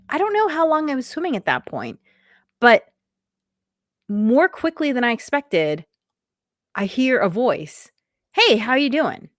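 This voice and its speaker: A woman's voice: mid-range voice, no echo, studio quality. A woman hosting a podcast, sharing a personal story in a conversational, thoughtful way with light laughs now and then. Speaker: podcast host.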